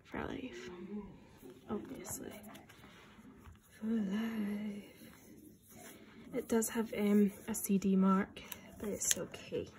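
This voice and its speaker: A young adult woman vlogger chatting casually and excitedly through an unboxing, nervous and swearing freely. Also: mid-range voice, slow pace, long pauses, slight background noise.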